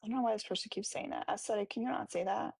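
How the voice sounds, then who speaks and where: A woman with a gravelly, fry-heavy voice chats casually on a livestream. She sounds relaxed and talkative. The recording is close and dry. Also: medium pitch, fast talker, no room sound. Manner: casual, chatty, product talk.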